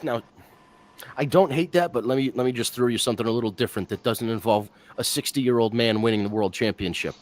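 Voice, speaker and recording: A man talks on a casual live stream with a rambling, animated delivery. He keeps circling back and restarting his sentences. His voice sits in an ordinary middle pitch. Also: fast. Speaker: wrestling podcast co-host.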